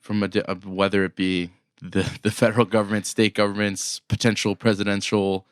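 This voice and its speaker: A man's voice: fairly low pitch, level tone, fairly quick, clear, resonant tone, no echo, studio quality. A man co-hosting a business news podcast, chatting casually with fillers and restarts. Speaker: podcast co-host. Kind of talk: casual news recap chat.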